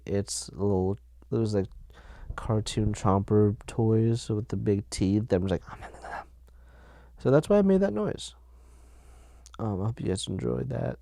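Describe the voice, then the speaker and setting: A man's voice: on the low side, vocal fry, mellow, dry recording, clean studio sound. A sleepy man hosting a solo podcast, rambling and making jokes at his own expense. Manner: rambling, jokey, self-mocking. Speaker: podcast host.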